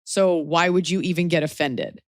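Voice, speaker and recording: A woman hosts a casual advice podcast, wry and opinionated as she talks things through. Her voice sits a little low, and the sound is close and dry with no room around it. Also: no room sound. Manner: wry and opinionated, slips into quick mock voices. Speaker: podcast host.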